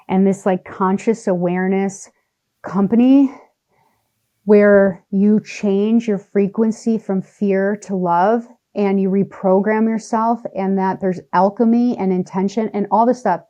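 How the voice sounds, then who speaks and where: A woman guest on a podcast recounts a personal experience with lively emphasis and shifting pace. Her voice is mellow and warm, never sharp. The audio is a little dull and lo-fi. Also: mid-range voice. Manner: animated, emphatic, speeds up and slows down for effect. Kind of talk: personal storytelling in conversation.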